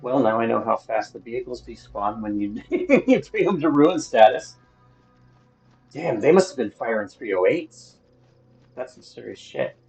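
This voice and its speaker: A man's voice: mid-range voice, big pitch swings, normal speed, gravelly, a little mellow, lo-fi sound, soft background music. A man talking to himself while playing a survival game, grumbling and swearing at what happens on screen. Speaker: gaming streamer. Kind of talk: solo gameplay commentary.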